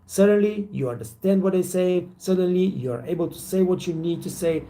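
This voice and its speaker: Gravelly-voiced man rambling in a live Q&A. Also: high-pitched, a little fast, warm tone, slight background noise, rough recording. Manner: rambling, repetitive, swears freely. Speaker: waiter trainer hosting a live Q&A. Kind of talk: casual live Q&A chat.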